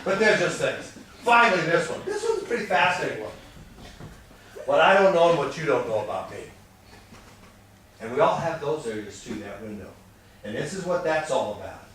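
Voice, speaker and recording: An older man in his sixties leads a relationship seminar, his voice a touch high for a man. He talks folksy and plain and tells stories from his own life. He sounds far from the mic, in a big echoing room. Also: expressive, normal speed, long pauses, fairly bright tone, a little hiss or hum. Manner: folksy storytelling, acts out quoted exchanges. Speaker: marriage seminar speaker. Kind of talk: teaching talk to an audience. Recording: distant mic in an echoey room.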